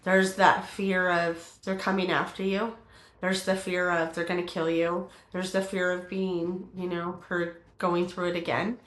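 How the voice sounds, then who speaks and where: A middle-aged woman telling her personal testimony in an interview, halting, with many fillers and restarts. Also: on the low side, flat delivery, a bit bright, reverberant.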